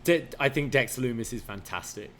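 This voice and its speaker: A man's voice: mid-range voice, fairly quick, fairly bright tone, a little hiss or hum. A man co-hosting a podcast in casual chat, laying out his opinions in a thoughtful, explaining way. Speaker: podcast co-host.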